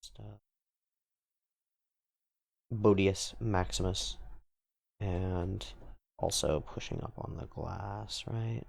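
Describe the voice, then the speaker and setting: A man's voice: low-pitched, steady tone, extremely slow, creaky, pauses often, dry recording, studio quality. A man thinking aloud in casual commentary while he sketches, rambling and trailing off. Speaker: channel host.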